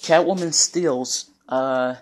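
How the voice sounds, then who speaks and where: A man's voice: medium pitch, takes it slowly. Guy rambling through a movie recap, lots of uhs and side tangents. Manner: rambling, goes off on tangents with many fillers. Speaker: online video host.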